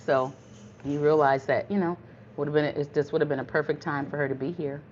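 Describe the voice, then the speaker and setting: Her voice is low and a little mellow, with fairly even intonation and a slightly fast pace. She's an older cooking livestream host, chatty and folksy as she encourages viewers, and the audio is muffled and lo-fi with a faint hum in the room.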